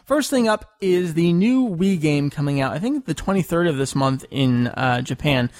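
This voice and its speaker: A man with a fairly high-pitched voice hosts a casual podcast chat. He explains points patiently and spells them out step by step. His voice sounds dry and close, with no room around it. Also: lively intonation, normal speed, darkish tone, no echo. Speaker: podcast host.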